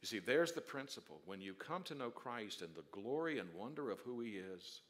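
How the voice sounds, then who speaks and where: A male pastor preaching a sermon, dropping to quiet asides and then rising to loud, drawn-out emphatic declarations. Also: medium pitch, sing-song. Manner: stretches key words slowly for emphasis.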